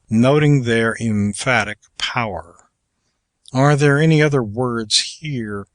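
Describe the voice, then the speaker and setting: A man reading aloud from a public speaking manual in a measured, deliberate way. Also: mid-range voice, a bit bright, no room sound. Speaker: audiobook reader.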